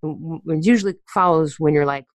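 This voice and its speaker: A woman's voice: low voice, brisk, no echo. A woman speaking as an author and coach in a casual podcast conversation, candid and chatty, with slang and laughs as she talks.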